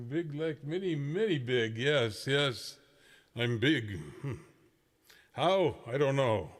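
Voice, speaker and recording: A man's voice: mid-range voice, takes it slowly, big-room sound. A man hosting a livestreamed amateur radio net, chatting casually and rambling with frequent chuckles. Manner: chuckling, rambling, self-deprecating.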